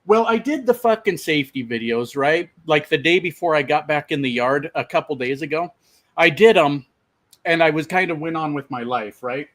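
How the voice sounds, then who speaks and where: A trucker vlogging to his viewers with a voice pitched a bit higher than most men. He swears freely and tells his story casually and with energy, calling his audience "my friends.". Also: moderate pace. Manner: profane, animated, addresses viewers as "my friends". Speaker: truck driver and channel host.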